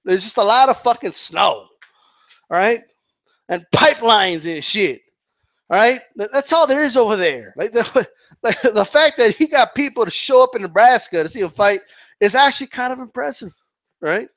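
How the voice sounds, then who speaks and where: A man ranting about boxing in a sarcastic, animated way, swearing constantly and laughing often. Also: high-pitched, normal speed, no room sound. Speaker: boxing commentator. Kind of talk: profane ranting monologue.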